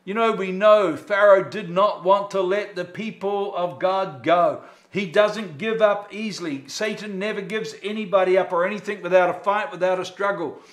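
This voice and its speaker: Brief: emphatic pastor mid-sermon, high-pitched, reverberant sanctuary. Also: male voice, normal speed. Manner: emphatic, rhetorical questions. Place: church sanctuary. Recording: echoey church sanctuary.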